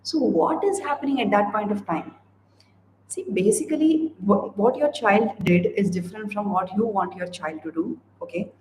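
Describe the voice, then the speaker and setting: A woman parenting coach speaks earnestly into the camera, pitched at an ordinary middle height. She addresses parents directly and stacks up repeated phrases one after another. Her voice rings in a roomy space with a faint hiss of noise behind it. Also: normal speed, darkish tone. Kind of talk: direct-to-camera advice talk.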